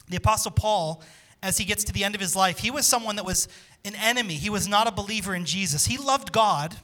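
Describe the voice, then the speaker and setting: A man's voice: sits high, pushed and bright. A male pastor preaching a sermon with emphatic delivery, putting questions to his congregation.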